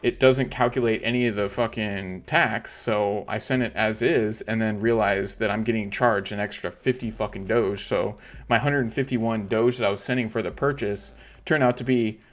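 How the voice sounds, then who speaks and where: A man's voice: lowish voice, steady tone, normal speed. A man hosting a casual livestream, ranting in frustration and swearing heavily. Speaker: crypto livestream host.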